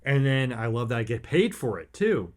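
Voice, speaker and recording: A man hosts a motivational podcast, talking in a loose, rambling way. He gets excited and emphatic as he drives home his points. His voice sits in a plain middle pitch. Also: normal speed. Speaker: podcast host.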